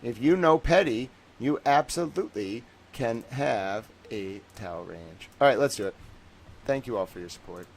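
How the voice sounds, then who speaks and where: A man's voice: on the low side, lively intonation, moderate pace, creaky, a little mellow, poor audio. A young man hosting a livestream, talking casually and rambling, full of fillers and little acted-out voices. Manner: rambling, jokey, many fillers, acts out voices. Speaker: livestream host.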